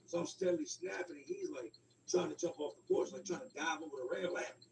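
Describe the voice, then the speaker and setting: A man's voice: on the high side, fast talker, gravelly, a little hiss or hum. Slangy middle-aged man telling a street story. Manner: slangy, animated, acts out the other voices. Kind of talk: personal street story told casually. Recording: roomy sound from a distant mic, faint ambience.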